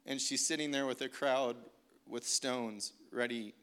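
In a clear, resonant mid-range voice with a fairly bright tone, a young man preaches a heartfelt testimony sermon. He speaks a little slowly with fairly even intonation, earnest and emotional, and uses "like" a lot.

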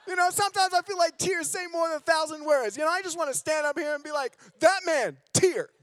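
A man preaching a sermon in a church, telling candid, self-mocking stories and swinging between loud emphasis and low, hushed lines. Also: fairly even intonation, fast, dry recording. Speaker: guest preacher. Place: church sanctuary.

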